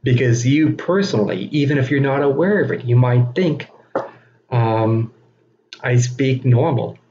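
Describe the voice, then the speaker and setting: A man giving a recorded teaching lecture, speaking slowly and deliberately with frequent fillers. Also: mid-range voice, animated, warm tone. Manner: slow, deliberate, self-aware delivery with frequent fillers. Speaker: instructor. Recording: dull lo-fi recording with faint noise.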